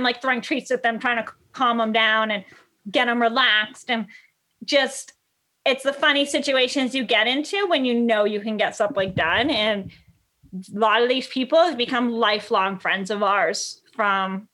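A woman dog trainer chatting as a podcast guest, telling animated stories and acting out what people said. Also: on the high side. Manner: animated storyteller, acts out quotes. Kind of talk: casual podcast chat.

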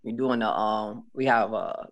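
A man's voice: lowish voice, fairly even intonation, measured pace, fairly bright tone. A man guest on a radio show, talking about his brand in a rambling way with many restarts. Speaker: guest, clothing brand owner. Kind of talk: casual radio interview. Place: radio studio.

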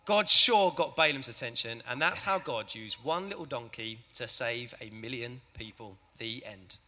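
A man's voice: mid-range voice, normal speed, big-room sound, a crowd in the background. A man, a church leader narrating a Bible story to a family audience and chatting with the listeners. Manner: lively, chatty, addresses the audience. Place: church hall.

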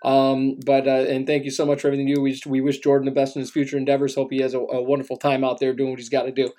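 A man's voice: medium pitch, completely flat delivery, racing, mellow. A man co-hosting a casual sports podcast, talking in a laid-back, rambling way with lots of fillers and restarts. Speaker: podcast co-host.

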